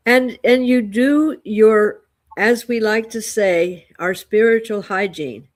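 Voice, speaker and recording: A woman's voice: mid-range voice, slow. A woman co-hosting a casual spiritual chat show, a Reiki master teacher who tells her story reflectively and with restarts.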